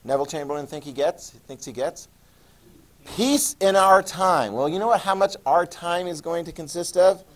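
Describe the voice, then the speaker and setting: A man teaching a history class, lecturing in an animated way and quizzing students. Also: fairly high pitch, normal speed. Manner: animated, acts out countries in jokey voices; asks the class questions.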